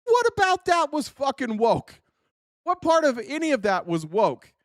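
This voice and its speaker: A podcast host with a notably high voice launches into a furious, profane political rant, hurling insults at the clips he's reacting to. His pitch swoops wildly but his pace is unhurried. The recording is dry and close, with hardly any room around it.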